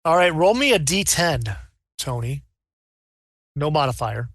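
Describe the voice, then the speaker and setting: A man narrating as game master of a tabletop game, rambling and animated, slipping into character voices. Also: a little high, a little slow, dry recording, clean studio sound.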